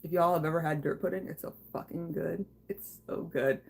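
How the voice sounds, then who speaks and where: A woman's voice: sits low, fairly even intonation, a little fast, creaky, darkish tone, a little hiss or hum. A woman hosting a casual livestream from her home kitchen, reading viewer comments, chatting loosely with lots of fillers and swearing. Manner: casual and profane, laughing, chatty with frequent fillers. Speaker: livestream host.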